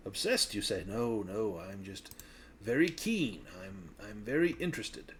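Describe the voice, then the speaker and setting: A man's voice: on the low side, sing-song, a little slow, a little hiss or hum. A man voicing an aloof, obsessive scholar who stammers fussily and gets defensive about his studies.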